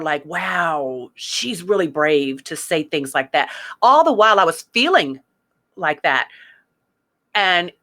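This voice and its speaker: A woman's voice: fairly low pitch, sharp tone. A woman hosting a ministry podcast, speaking candidly and emotionally about her faith in a conversational way. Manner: emotional, conversational, reads song lyrics aloud, fillers like "like". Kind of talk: candid personal faith talk.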